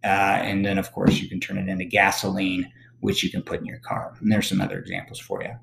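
A man teaching a recorded lesson, explaining in a relaxed, conversational way and often checking in with "okay?". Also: low voice, fast talker, creaky, echoey room, very noisy. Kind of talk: recorded classroom lecture.

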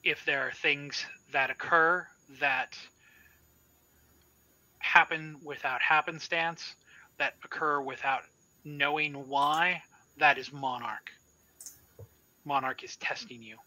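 A trapped Minotaur, voiced by a man running the game, speaks calmly and ominously in slow, weighty statements. The tone is sharp and tense, bright at the edges. It is a tabletop horror game, and the voice sounds like a patient warning. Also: fairly high pitch, no room sound, full character voice, rough recording. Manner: measured, solemn pronouncements. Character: captive male Minotaur-like creature, calm and ominous. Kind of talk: tabletop role-play voicing.

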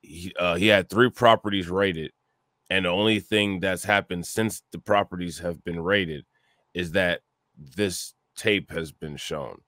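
Male co-host, very low voice, blunt casual takes, dry sound. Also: steady tone, a little slow, fairly bright tone, no echo. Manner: blunt, dismissive commentary. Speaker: podcast co-host. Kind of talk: casual podcast chat.

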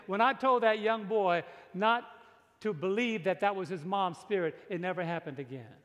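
A pastor preaching a dramatic sermon to a congregation, slowing down to stress his points. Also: high voice, fairly bright tone, in a large hall. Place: large church before a congregation.

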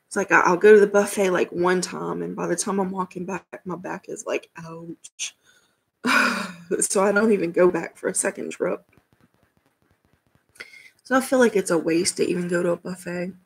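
A woman's voice: on the low side, fairly even intonation, moderate pace, vocal fry, husky, poor audio. A woman hosting a casual livestream chat from home, rambling and laughing often as she talks to viewers. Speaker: livestream host.

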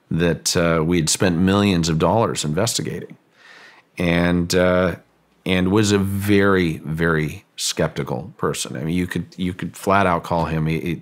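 A man, a guest on an interview show, telling a long story with frequent restarts and fillers, raising his voice when he acts out quoted lines. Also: deep voice. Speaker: guest, ranch owner.

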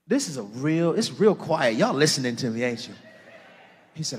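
A man preaching as a pastor in a church, telling a story in a hushed murmur and then building to loud, rousing preaching. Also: medium pitch, sing-song, moderate pace, breathy edge. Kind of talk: sermon. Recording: long reverb of a church hall.

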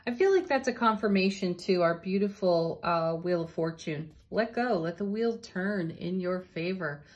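Female card reader, lower pitch, gentle encouraging delivery. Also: expressive, moderate pace, muffled recording. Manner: gentle, encouraging, laughs softly between cards. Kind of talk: spiritual card reading.

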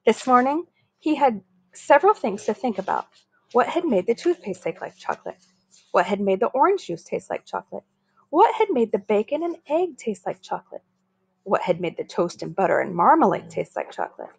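A woman reading a children's chapter book aloud in a steady, expressive way. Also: mid-range voice, brisk, gravelly, breathy edge. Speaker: story reader.

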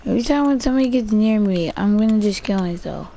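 A woman's voice: mid-range voice, lively intonation, quick pace, dark tone, slight background noise. A woman gamer giving casual gameplay commentary, frustrated and swearing often, with "bruh" in nearly every sentence.

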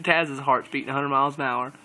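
A woman's voice: extremely low pitch, steady tone, quick pace. A woman filming on a handheld camera at home, giggling through her words and cooing at her cats. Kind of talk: casual home video chat. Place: home room indoors. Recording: home video with clear background noise.

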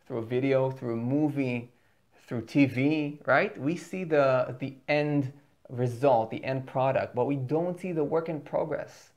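A man's voice: mid-range voice, a little slow, a little mellow, highs cut off. A man giving an earnest motivational spiritual talk as a teacher, repeating words for emphasis.

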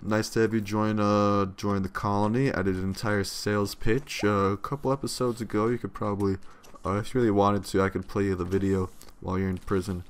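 Young male let's-player, low and gravelly, rambling and foul-mouthed, yawning throughout. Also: little pitch movement, brisk. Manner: rambling, profane, yawning often. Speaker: let's play commentator. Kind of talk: casual gameplay commentary.

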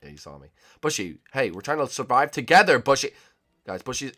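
With a medium-pitched voice and a brisk pace, a young man with a sore throat commentates playfully on a hide-and-seek game with his friends. He's a gaming YouTuber, excitable and jokey, full of shouts and laughter.

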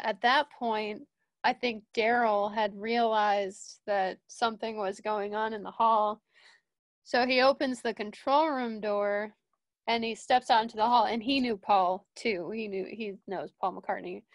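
A young woman and studio manager telling a casual story, full of fillers and restarts, jumping higher when she quotes people. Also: steady tone, measured pace, no room sound.

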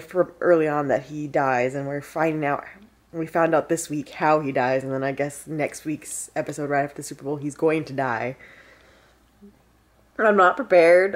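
A woman in her thirties chatting casually at home for her weekly vlog, laughing often and talking to her dogs. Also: low voice. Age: 30s. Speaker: vlogger. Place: at home indoors.

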